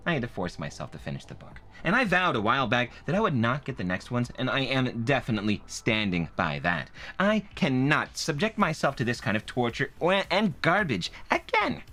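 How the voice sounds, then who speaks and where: A man's voice: medium pitch, sing-song, a little fast, few pauses, pushed and bright, soft background music. A man voicing a sassy, fed-up woman book reviewer as a comedic dramatic reading, theatrical and exasperated.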